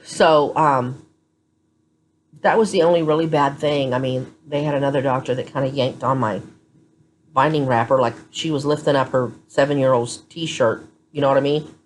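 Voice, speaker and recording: A woman's voice: very deep voice, steady tone, moderate pace, slight background noise. A tired woman vlogging from a hospital room, telling her story to a phone camera in a candid, blunt way. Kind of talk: casual chat to camera.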